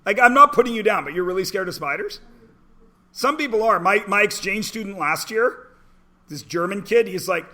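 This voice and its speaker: A man's voice: sits high, expressive, moderate pace, pushed and bright. A man in his forties teaching a math class, chatty and joking, asking the class questions in between. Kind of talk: classroom lecture with anecdotes.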